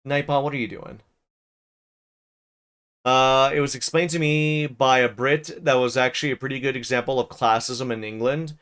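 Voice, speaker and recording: A man reading a novel aloud on a livestream, pausing for casual, chatty asides to his viewers. His voice sits at a middle pitch with a smooth, clear tone. The narration is steady, and his chat comments are loose and offhand.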